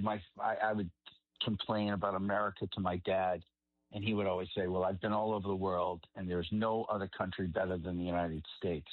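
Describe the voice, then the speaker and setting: Low-voiced Boston man on a phone line. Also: dry recording. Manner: halting, reflective, lots of fillers. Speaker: regular guest panelist. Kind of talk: phoned-in radio talk. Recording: tinny dry phone line.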